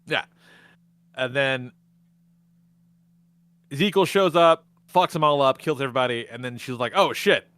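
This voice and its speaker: A man's voice: medium pitch, normal speed, pauses often, a bit bright, smooth, dry recording. A man hosting a podcast, retelling a movie's plot in casual chat, swearing often and laughing along the way. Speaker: podcast host.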